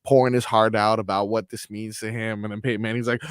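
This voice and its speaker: A man co-hosting sports talk radio in casual banter, speaking with emphasis and excitement and laughing often. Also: lowish voice, fast talker, noisy background.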